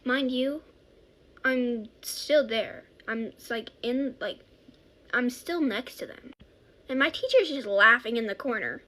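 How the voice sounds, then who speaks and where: Chatty woman storyteller, self-correcting, slightly high voice. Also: unhurried. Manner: rambling, self-correcting, animated. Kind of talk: casual storytime.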